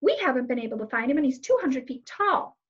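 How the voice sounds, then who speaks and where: Lady reading a suspicious kid sleuth, blunt questions, higher voice, muffled audio. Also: very animated, fast talker, breathy edge, full character voice. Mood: questioning. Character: wary, sharp young girl detective. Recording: slightly muffled lo-fi recording.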